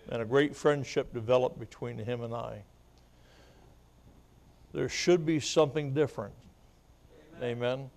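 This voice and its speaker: Choked up and weeping at times, a male evangelist recounts his testimony at a revival and escalates into loud, fervent preaching marked by amens and laughter. He speaks at a moderate pace in a gravelly, medium-pitched voice, leaving long pauses.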